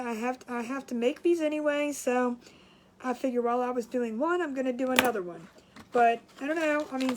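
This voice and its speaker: A woman's voice: sits high, noisy background. A woman from Maryland hosting a casual craft livestream, out of breath and chatting while greeting viewers by name. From Maryland, USA.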